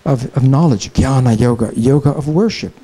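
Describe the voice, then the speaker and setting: A man giving a conference keynote lecture, telling a story in an animated, digressive way. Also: medium pitch, normal speed, slightly rough, poor audio. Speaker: keynote speaker. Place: conference hall, Chicago.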